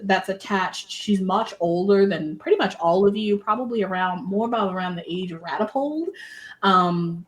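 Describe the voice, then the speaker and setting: A woman narrating a tabletop game as game master, chatty and laughing often. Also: medium pitch.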